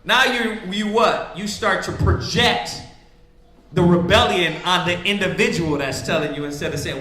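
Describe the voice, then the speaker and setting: Guy preaching casual, kinda high bright voice, asks "right?" a lot, echoey room with faint hiss. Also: normal speed. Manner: conversational, acts out quoted voices, asks "right?" often. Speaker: priest teaching scripture.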